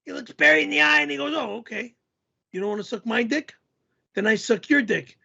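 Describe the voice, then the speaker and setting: A man putting on a loud, yelling middle-aged male character and telling a rambling story full of shouting and swearing. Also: extremely high pitch, brisk, creaky, muffled recording, heavily acted. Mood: ranting. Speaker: show host.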